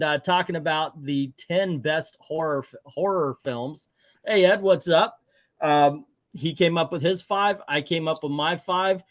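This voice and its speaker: A man's voice: a little high, unhurried, fairly bright tone, no echo. A middle-aged man hosting a casual movie chat, joking, rambling and emphatic. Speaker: host.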